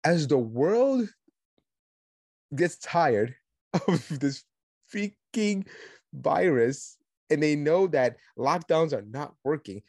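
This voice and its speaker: A man hosting a political podcast, talking in an animated, sarcastic monologue and mocking his opponents. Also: on the high side, slow, long pauses, no echo, studio quality. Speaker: podcast host.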